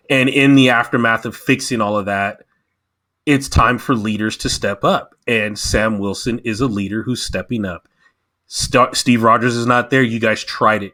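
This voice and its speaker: An American man co-hosting a casual review chat, emphatic and animated, often acting out quotes. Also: fairly low pitch. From United States. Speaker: podcast co-host.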